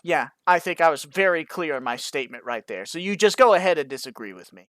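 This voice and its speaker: A man's voice: a little high, lively intonation, fast, a bit bright, no room sound, clean studio sound. A young American man co-hosting a live-streamed podcast, joking around and swearing freely. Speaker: podcast co-host. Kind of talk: casual live-stream chat. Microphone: stream microphone.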